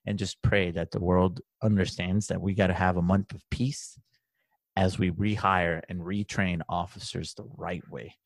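A man's voice: deep voice, level tone, normal speed, no room sound, clean studio sound. A man in a casual podcast conversation, rambling and swearing often, who grows heated as he talks. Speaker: podcast guest or co-host, police trainee.

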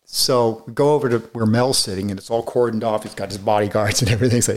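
A man's voice: mid-range voice, fairly quick. A middle-aged man, a film director being interviewed, telling long, rambling stories in a casual way with many restarts.

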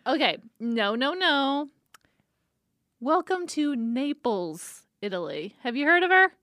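A woman's voice: high voice, sing-song, slow pace, pushed and bright, dry recording, studio quality. A young woman co-hosting a casual snack podcast, teasing and chatty with lots of fillers. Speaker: co-host presenting pizza facts.

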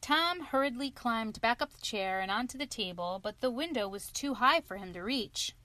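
A woman narrating a children's storybook aloud in a clear, expressive reading. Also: a little high, moderate pace, dry recording.

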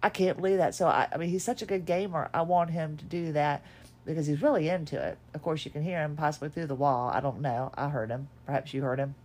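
A middle-aged woman hosting a podcast, talking in a reflective personal monologue, tired, emotional and halting, with many restarts, recorded at home. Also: low voice, fairly even intonation, darkish tone. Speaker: podcast host.

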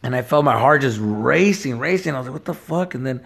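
A man's voice: medium pitch, expressive, quick pace, vocal fry, fairly bright tone. A young man co-hosting a casual podcast, telling a story animatedly with heavy swearing. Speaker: podcast co-host.

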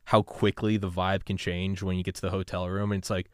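A man's voice: low voice, level tone, brisk, smooth, no echo, studio quality. Profane, rambling male podcast host. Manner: rambling, profane, swings from subdued to loud and fired-up. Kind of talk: casual podcast conversation. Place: home room with gaming setup.

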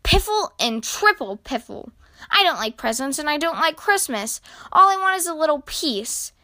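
A woman's voice: on the high side, animated, unhurried, dry recording, studio quality, full character voice. A woman voicing a grumpy male badger who huffs and scolds, in a storybook reading. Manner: huffy, shouting, scolding.

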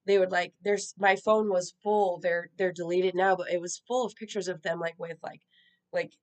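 A woman's voice: lowish voice, steady tone, normal speed, darkish tone. A woman creator speaking candidly and reflectively about her own experiences, in a conversational personal-storytelling style. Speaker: social media creator.

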